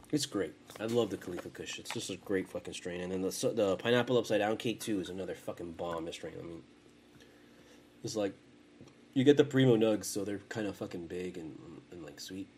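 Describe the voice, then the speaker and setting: A man's voice: low-pitched, slight background noise. A young man hosting a casual podcast from his home, rambling and cursing, with many false starts. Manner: profane, rambling, frequent restarts. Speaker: podcast host.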